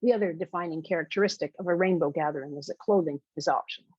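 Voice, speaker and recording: A woman, the author, reading her own novel aloud in a measured, intimate storytelling manner. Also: lowish voice, husky, no room sound, highs cut off.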